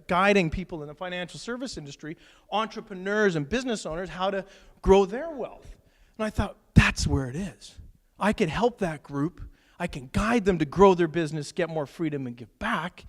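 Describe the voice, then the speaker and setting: Man, 40s, business coach, casual and chatty, high voice, long reverb. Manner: chatty and upbeat, peppered with "like" and "right?". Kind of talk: casual talk to camera.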